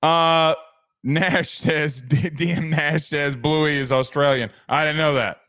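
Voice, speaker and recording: A man's voice: on the high side, fairly even intonation, slow pace, a bit bright, clear, resonant tone. A man hosting a sports podcast, chatting loosely and reading viewer comments, with frequent restarts and casual swearing.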